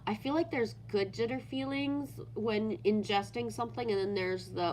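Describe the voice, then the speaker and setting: A woman with a fairly high voice chats casually on a livestream, reading out viewer comments. She rants with lots of energy, and swearing runs all through her talk. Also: normal speed, hardly any pauses, a little hiss or hum. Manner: swears constantly, ranting and animated. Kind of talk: casual unscripted livestream chat.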